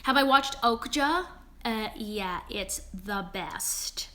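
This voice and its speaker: Bright, chatty young woman streaming live. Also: medium pitch, big pitch swings, takes it slowly. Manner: casual, swears freely, chatty with lots of "like". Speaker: cookbook author and vegan food channel host.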